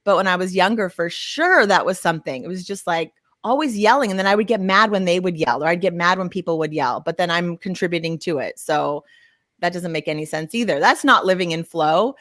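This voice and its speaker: A woman's voice: fairly low pitch, fairly quick, no room sound, studio quality. A middle-aged woman co-hosting a casual podcast, telling stories animatedly and laughing at herself. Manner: animated storyteller who acts out her own yelling. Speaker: podcast co-host. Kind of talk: casual chat.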